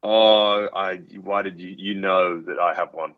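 A man's voice: sits low, fairly even intonation, unhurried, no echo, narrow, tinny audio. Male comedian on a call, brash, hammy clowning. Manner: boastful, clowning, over the top. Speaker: caller, comedian. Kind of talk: casual phone chat.

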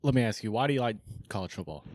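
A man co-hosting a casual sports podcast who questions the others and makes his point quickly. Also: lowish voice, expressive, a little mellow, no echo, clean studio sound. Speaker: podcast co-host.

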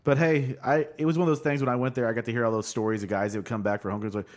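A man's voice: medium pitch, steady tone, very fast. A man chatting casually on a podcast, throwing in dry jokes. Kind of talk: casual chat.

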